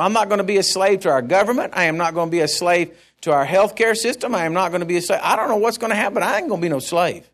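A man from Texas, preaching a sermon as pastor, swinging from loud passages to hushed ones. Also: sits high.

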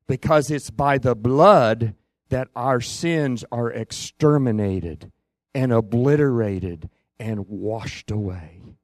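A man preaching a sermon as a pastor, earnest, with long pauses and hushed emphasis. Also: mid-range voice, no room sound.

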